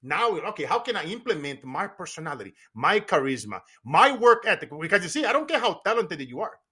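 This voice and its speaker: A man from Brazil with a Brazilian accent, a podcast guest telling stories in an animated, emphatic way and often laughing. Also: high-pitched, brisk, husky. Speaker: podcast guest, business coach. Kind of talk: casual storytelling conversation.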